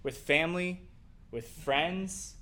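A man's voice: fairly high pitch, takes it slowly, bright, forceful tone. A man co-hosting a casual faith discussion, talking in an earnest, reflective way. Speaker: co-host.

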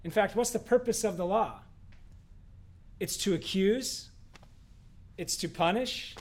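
A man co-hosting a casual faith discussion, telling a story in an animated way with rhetorical questions. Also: high-pitched, unhurried. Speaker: co-host.

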